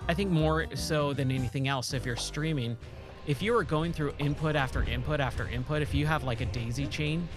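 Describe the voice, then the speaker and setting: A man from southern California chatting casually as a stream host while gaming, rambling with lots of fillers and answering chat. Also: on the high side. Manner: rambling, filler-heavy, reads chat aloud.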